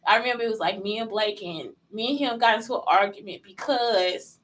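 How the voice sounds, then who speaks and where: A woman's voice: mid-range voice, fairly quick, poor audio. A woman hosting a casual solo podcast, blunt and profane, firing rhetorical questions straight at her listeners. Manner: talks straight to listeners as "y'all". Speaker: podcast host.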